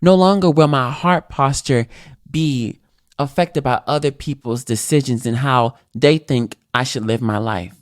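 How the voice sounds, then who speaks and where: A man's voice: mid-range voice, measured pace, dry recording. Guy talking to the mic on his own podcast, earnest and reflective, voice jumps up and down a lot, dry close sound. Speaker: podcast host. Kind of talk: solo motivational talk.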